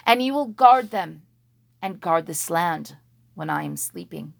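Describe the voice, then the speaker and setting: A woman voicing an old, lonely female dragon who speaks slowly and solemnly in a told story. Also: lowish voice, animated, creaky, dry recording, heavily acted. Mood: commanding. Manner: slow, solemn and measured.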